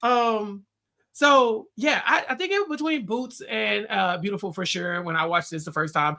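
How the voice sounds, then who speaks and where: A young man hosting a casual recap chat, relaxed and halting, with restarts and fillers. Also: high-pitched, creaky. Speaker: podcast host.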